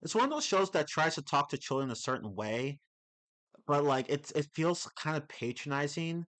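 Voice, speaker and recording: A man's voice: a little high, expressive, normal speed, a bit bright. A man ranting casually on a livestream, rambling with many restarts and laughing as he talks. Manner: rambling, restarts often, laughs into his words. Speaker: streamer.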